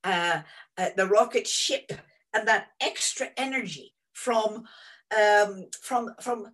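Husky woman in her sixties. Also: medium pitch, slow, low-quality recording. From Northern Ireland. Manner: animated and rambling, many restarts. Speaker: interview guest, energy executive. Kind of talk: reflective storytelling to students.

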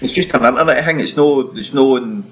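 A man's voice: mid-range voice, brisk, breathy edge, poor audio. A Scottish man in casual banter, teasing and joking.

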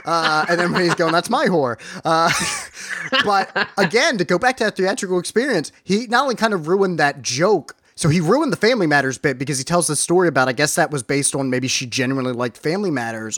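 A man's voice: fairly high pitch, fairly bright tone, no echo, studio quality. A man co-hosting a podcast, rambling and swearing casually as he reviews a movie. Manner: rambling, profane, quotes lines in put-on voices. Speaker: podcast co-host.

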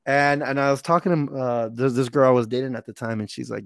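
A man's voice: medium pitch, fast talker, vocal fry, few pauses, no echo, studio quality. A young man from Texas telling a rambling, profane story in casual podcast chat. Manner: rambling, profane, animated retelling.

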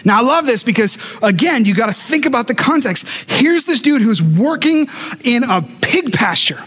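High-pitched guy pastor preaching, animated storyteller, does little voices for the people he quotes, jokes with the church. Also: normal speed, breathy edge. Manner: humorous asides to the congregation. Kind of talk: sermon.

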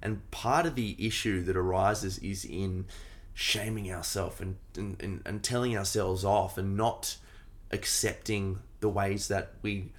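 A man hosting a podcast in casual chat, talking in a lively, quick way and acting out examples. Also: low voice. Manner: animated, quick, acts out examples. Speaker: podcast host.

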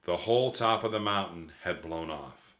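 A man with a fairly low voice reads a children's chapter book aloud in a steady, expressive way. His tone is bright and forceful, and he clearly sets out each turn of the story. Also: moderate pace. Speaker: audiobook narrator. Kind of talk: children's audiobook narration.

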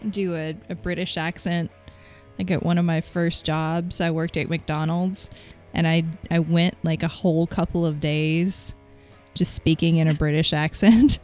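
A woman's voice: on the low side, a little mellow. A woman in casual chat, joking and candid and laughing often.

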